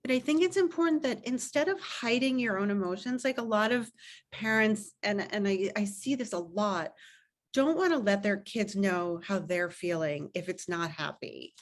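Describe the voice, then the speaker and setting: A middle-aged woman who writes about and coaches on parenting gives earnest advice over a video call. Her medium-pitched voice is expressive and moderately paced, and she acts out the quotes of both parent and child.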